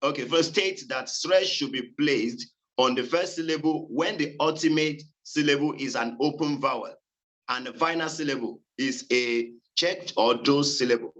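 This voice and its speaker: A man presenting a seminar on phonology, reading in a halting way with many fillers and repeated words. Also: medium pitch, fairly bright tone, poor audio. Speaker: student presenter.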